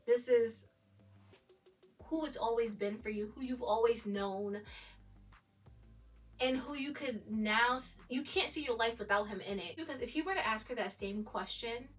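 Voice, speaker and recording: A woman chatting through a TV recap in a bright, slightly high voice, animated and gushing as she reacts. She sits a little back from the mic, so the sound sits slightly distant. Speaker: TV recap vlogger. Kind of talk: excited casual recap commentary.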